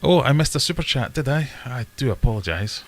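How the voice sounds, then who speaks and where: On a desk webcam setup, a male livestream host chats casually in an expressive, mid-range voice that runs a little fast. His talk is rambling and self-deprecating, and he takes questions from viewers.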